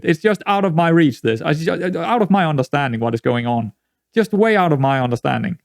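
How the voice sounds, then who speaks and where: Exasperated man with a higher voice. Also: expressive, fairly quick, gravelly, dry recording, clean studio sound. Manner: exasperated, rambling, repeats himself. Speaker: gaming YouTuber. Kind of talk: let's-play commentary.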